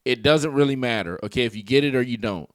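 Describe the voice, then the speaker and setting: A man's voice: mid-range voice, quick pace, no echo. A man hosting a casual reaction video, telling stories with lots of swearing and laughing at the clips.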